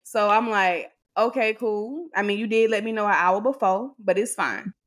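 A woman co-hosting a podcast, telling an animated, exasperated story and acting out what others said. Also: mid-range voice, normal speed. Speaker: podcast co-host. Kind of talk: casual storytelling to a co-host.

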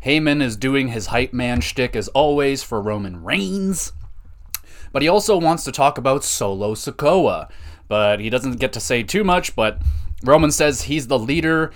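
A man's voice: medium pitch, a little slow. Sarcastic, foul-mouthed man recapping wrestling. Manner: sarcastic, swears a lot, excitable. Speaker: podcast host.

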